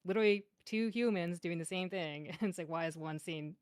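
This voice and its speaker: Fast-talking woman moderator. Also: on the low side, clear, resonant tone, dry recording, clean studio sound. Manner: quick, encouraging, uses fillers. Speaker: panel moderator. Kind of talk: moderating a casual panel.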